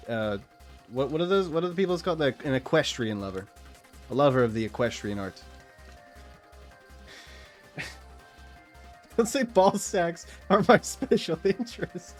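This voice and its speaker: A young man streaming, rambling excitably in casual chat, jumping up in pitch when riled and often laughing, at times out of breath.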